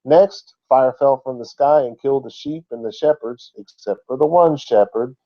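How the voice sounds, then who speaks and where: A man teaches scripture in a conversational sermon style, often pausing for rhetorical questions. His voice sits at a middle pitch. The recording sounds dull and lo-fi. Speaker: Bible teacher.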